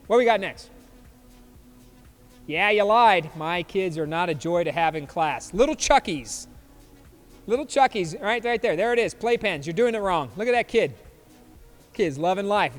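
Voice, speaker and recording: A man's voice: high voice, big-room sound. A man in his fifties hosting a podcast, reacting to memes in a loose, joking way and laughing often. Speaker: podcast host. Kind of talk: casual chat reacting to memes.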